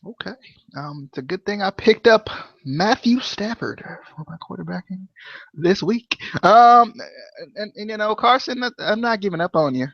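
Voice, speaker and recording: Podcast co-host, male, high voice, jokey and animated, muffled dry recording. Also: moderate pace, gravelly, no echo. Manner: playful, jokey, sing-song chants. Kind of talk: casual chat, football picks.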